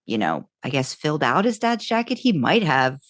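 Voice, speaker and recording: A woman's voice: sits low, big pitch swings, moderate pace, no echo, clean studio sound. A woman co-hosting a fan podcast, chatting casually and rambling through her thoughts. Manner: rambling, restarts, upbeat. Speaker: podcast co-host.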